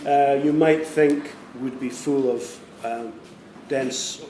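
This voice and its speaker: A man, a writer, answering questions at a university event, talking hesitantly with pauses. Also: mid-range voice, steady tone, mellow. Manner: hesitant, with many fillers and restarts. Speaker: guest writer. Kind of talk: literary conversation at a public event. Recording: echoey room with faint noise.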